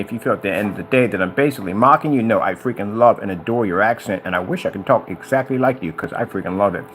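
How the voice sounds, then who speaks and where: A man talking casually and excitedly about projectors, rambling and wandering off topic. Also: medium pitch, a little hiss or hum. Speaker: business owner reviewing projectors.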